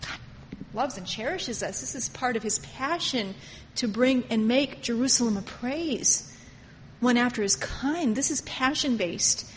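Woman preaching, passionate, hushed then loud, big church hall reverb. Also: fairly high pitch, lively intonation, a little slow. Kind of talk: sermon. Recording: long hall reverb, faint noise.

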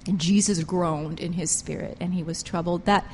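A woman preaching a sermon with passion, pressing her points hard and swinging between loud emphasis and quiet intensity. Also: fairly low pitch, fairly even intonation, normal speed, big-room sound, a little hiss or hum. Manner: impassioned, emphatic, rises and drops sharply in loudness.

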